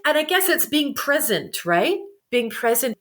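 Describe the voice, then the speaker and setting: A woman giving an animated, expressive interview as a guest, quick to laugh. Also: high-pitched. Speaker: guest, psychic medium and animal communicator. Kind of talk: candid conversational interview.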